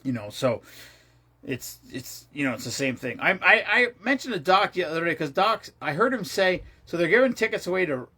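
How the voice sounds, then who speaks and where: A man's voice: high-pitched, big pitch swings, normal speed, pushed and bright, husky. A man hosting a charity livestream, chatting casually with viewers in a rambling, profane way, with many restarts.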